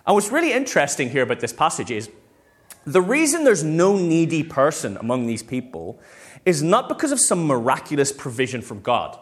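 Man preaching, conversational, fairly high voice, very animated. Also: fairly quick. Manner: lively, conversational preaching with acted-out quotes. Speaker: pastor. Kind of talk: sermon.

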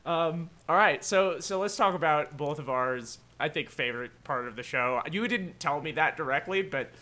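A man's voice: a little high, normal speed, bright, forceful tone. A young man co-hosting a casual podcast chat in an easygoing way, laughing now and then. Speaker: podcast co-host.

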